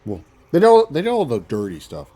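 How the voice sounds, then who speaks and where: A man's voice: medium pitch, wildly swooping pitch, quick pace, dark tone. A young man ranting casually and bluntly into his phone, swearing often and making mocking asides. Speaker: commentator. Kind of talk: casual political rant.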